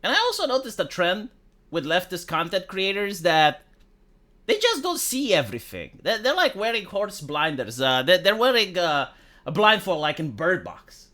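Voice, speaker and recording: A man's voice: high voice, very animated, normal speed, bright, forceful tone. A man delivering a sarcastic, crude opinion rant as a commentary vlogger. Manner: sarcastic, ranting, crude language.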